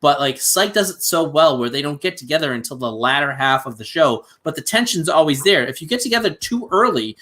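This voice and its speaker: A man's voice: a little high, expressive, fairly quick, hardly any pauses, bright, forceful tone. A man co-hosting a podcast in casual chat, blunt and opinionated. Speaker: podcast co-host.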